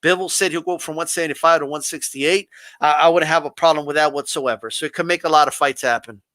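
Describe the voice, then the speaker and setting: On a boxing livestream, a male host reads live chat and fires back combatively, throwing out pointed rhetorical questions and mocking a flat monotone voice. His voice is a little high and fast, and the recording is dry.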